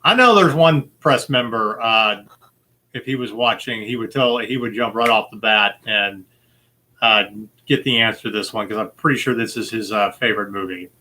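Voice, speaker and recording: Bright-voiced male quiz host. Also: on the low side, normal speed. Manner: upbeat and chatty, laughs easily. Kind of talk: casual podcast quiz hosting.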